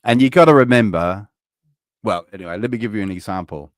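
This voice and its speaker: A man co-hosting a casual chat show, talking in a deadpan, sarcastic way and swearing now and then. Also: on the low side, fast talker, dry recording.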